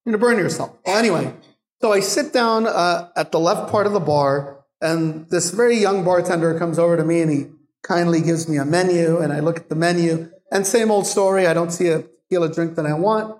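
A middle-aged man, a guest bartender, telling animated stories in a live Q&A and laughing often. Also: fairly high pitch, fairly quick. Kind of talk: live Q&A storytelling. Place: bar venue with audience. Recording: echoey live venue.

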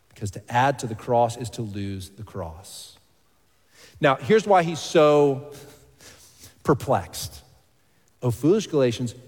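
A man preaching a sermon as pastor, emphatic, rising to loud exclamations and dropping to hushed asides. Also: mid-range voice, husky. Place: church hall. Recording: long reverb of a large hall.

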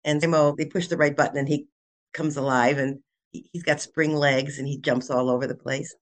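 A woman's voice: low-pitched, fairly even intonation, brisk. Older woman animatedly retelling a story. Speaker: author, guest. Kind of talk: casual storytelling interview.

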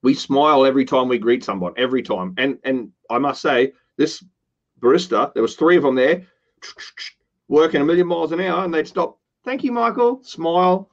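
A man's voice: medium pitch, lo-fi sound. A man co-hosting a casual business chat, talking earnestly and slipping into upbeat quoted lines. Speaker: podcast co-host.

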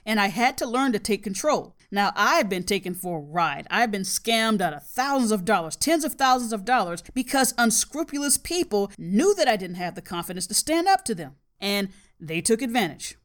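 A woman's voice: medium pitch, sing-song, moderate pace, few pauses. A middle-aged woman hosting a podcast, a college biology teacher from the US South with no regional accent, talking frankly and with dry humor in a casual monologue. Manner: frank, storytelling, dryly humorous.

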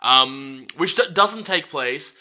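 A man casually recapping a movie with a friend, relaxed and full of fillers. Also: mid-range voice, slow pace. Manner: relaxed, filler-heavy, says dude. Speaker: podcast co-host.

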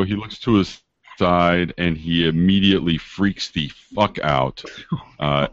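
Male GM, rambling narrator, low voice on a dull, dry recording. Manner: rambling, many fillers, swears casually. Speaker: game master. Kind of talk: narrating a tabletop game.

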